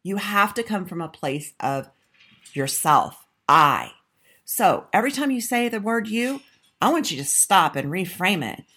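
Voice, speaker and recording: A woman's voice: mid-range voice, sing-song, a little slow, bright, forceful tone. A woman hosting her own marriage-coaching podcast, talking straight to listeners in an emphatic, direct way. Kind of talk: solo podcast talk with a sign-up pitch.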